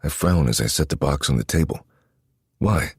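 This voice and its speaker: A man narrating a first-person romance story in a low, intimate, steady manner. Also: quick pace, breathy edge, no room sound, studio quality. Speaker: audiobook narrator.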